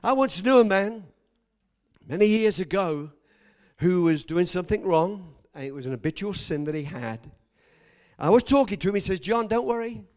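A man preaching a sermon, dramatic, swinging between shouts and hushed lines and acting out the people he quotes. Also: sits high, expressive, normal speed. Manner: acts out quoted voices.

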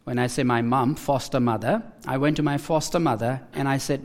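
A man preaching a personal testimony, emotional and halting, repeating his phrases and restarting as he speaks. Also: mid-range voice, fairly even intonation.

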